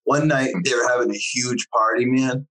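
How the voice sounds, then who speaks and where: A man's voice: mid-range voice, fairly even intonation, moderate pace, fairly bright tone, low-quality recording. A man telling a rambling story in casual chat, swearing as he goes.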